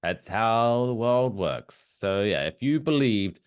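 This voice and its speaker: Sarcastic low-voiced man, lively delivery. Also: takes it slowly, clean tone. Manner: sarcastic, swearing, does silly voices. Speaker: podcast co-host. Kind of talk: casual podcast banter.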